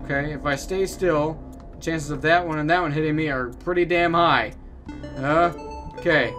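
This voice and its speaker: A man giving casual gameplay commentary, animated with loud outbursts and self-mocking jokes. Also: fairly high pitch, moderate pace, soft background music. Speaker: gaming video host.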